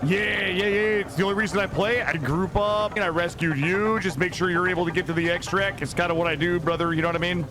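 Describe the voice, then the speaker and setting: A man's voice: high-pitched, quick pace, hardly any pauses. A man streaming a shooter game, joking with other players and yelping and screaming when attacked. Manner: excitable, yelps and screams, joking banter. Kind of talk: gaming stream commentary.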